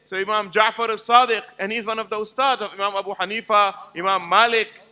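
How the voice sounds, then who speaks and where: Man, religious lecturer, high-pitched, piercingly bright tone, emphatic storytelling. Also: steady tone, quick pace. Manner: emphatic, storytelling, rhetorical questions to the audience. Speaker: Islamic lecturer. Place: gathering with a live audience.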